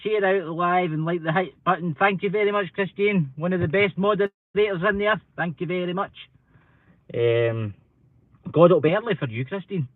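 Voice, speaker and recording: A Scottish paranormal-channel streamer with a high voice chats at normal speed, rambling and self-deprecating, slightly stuffy from hay fever. The recording, made through a computer mic, is dry and tinny like a phone call.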